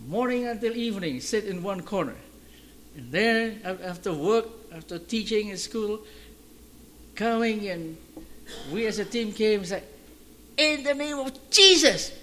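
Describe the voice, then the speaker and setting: A man preaching as a pastor, telling stories in an animated way and shouting at the high points. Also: unhurried, slight background noise. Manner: animated storytelling, shouting at peaks. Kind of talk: sermon storytelling. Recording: long hall reverb.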